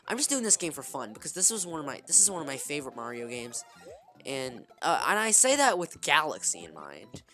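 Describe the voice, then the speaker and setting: A woman's voice: low voice, a bit bright. A woman giving casual, rambling gameplay commentary, restarting her sentences and calling out to "guys.". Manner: rambling, frequent restarts, keeps saying "guys". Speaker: gaming video creator. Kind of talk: casual let's-play commentary.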